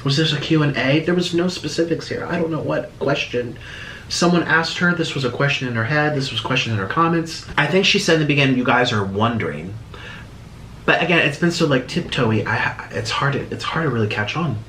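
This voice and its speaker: A man's voice: fairly high pitch, fairly quick, fairly bright tone. A man reacting to a video in casual commentary, rambling and restarting his sentences with sarcastic asides. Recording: echoey room with faint noise.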